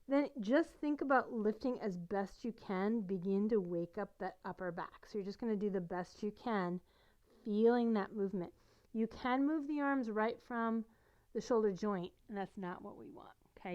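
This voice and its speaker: A middle-aged woman teaching a beginner yoga class, guiding gently and encouragingly while she demonstrates the poses, a little out of breath. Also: medium pitch, lo-fi sound. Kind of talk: guided yoga instruction.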